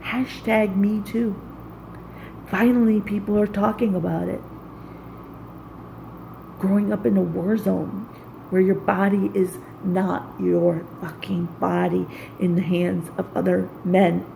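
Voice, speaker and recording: A woman's voice: on the low side, little pitch movement, a little slow, vocal fry, mellow, a little hiss or hum, rough recording. A woman speaking in an intense, raw, profane personal monologue, pouring out anger and hurt. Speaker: vlogger.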